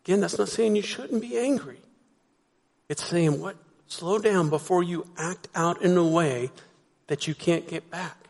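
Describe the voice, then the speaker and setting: A man's voice: high-pitched, unhurried, creaky. A man preaching a sermon as pastor, talking to the congregation conversationally and asking them rhetorical questions. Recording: long hall reverb.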